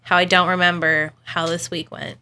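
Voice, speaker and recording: Bright-voiced woman, casual co-host chat. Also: fairly low pitch, little pitch movement, moderate pace, a little hiss or hum. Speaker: podcast co-host, dog groomer.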